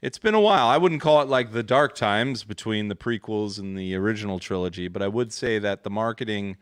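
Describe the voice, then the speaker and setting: A man's voice: lowish voice, a little fast, smooth, dry recording, studio quality. A man hosting a podcast, joking and teasing his co-hosts in casual chat. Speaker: podcast host.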